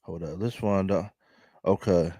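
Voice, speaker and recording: A young man with a Philadelphia accent doing casual, laughing commentary to his viewers in drawn-out slang. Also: low-pitched, warm tone, husky, no echo, studio quality. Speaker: commentary vlogger.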